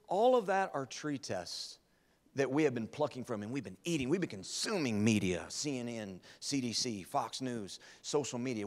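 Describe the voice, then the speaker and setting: A man preaching a sermon as an evangelist, swinging between loud emphatic lines and hushed quiet ones. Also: medium pitch. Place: church hall. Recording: long church hall reverb.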